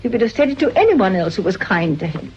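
An actress playing a gentle, self-effacing woman in a vintage radio drama, speaking softly and apologetically. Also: mid-range voice, sing-song, quick pace, breathy edge. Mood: resigned. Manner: soft, apologetic, resigned. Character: meek, self-effacing spinster, gentle and resigned. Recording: dull lo-fi old radio recording.

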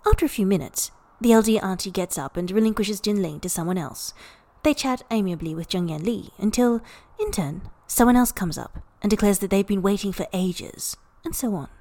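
A woman narrating a story for a podfic in even, unhurried storytelling. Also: mid-range voice. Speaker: podfic reader. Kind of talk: scripted narration.

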